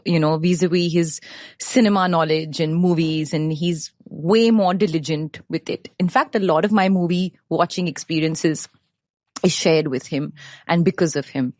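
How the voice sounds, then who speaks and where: A woman's voice: deep voice, moderate pace, no room sound, clean studio sound. A woman in her thirties, a podcast guest in casual conversation, telling stories animatedly and acting out the voices of the people she quotes. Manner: animated storyteller who acts out quoted voices and laughs often.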